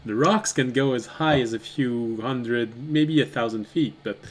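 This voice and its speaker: A man's voice: mid-range voice, a little slow, a little hiss or hum, poor audio. A man acting as game master, describing the setting in a dry, matter-of-fact way. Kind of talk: narrating a tabletop game.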